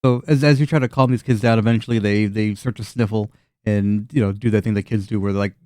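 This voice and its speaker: A man with a warm, smooth voice narrates a tabletop game as its game master, sketching scenes loosely and restarting his sentences often. He sounds close to the mic in a dry room. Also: lowish voice, fairly even intonation, fast, no echo. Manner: loose, rambling description with frequent restarts and fillers.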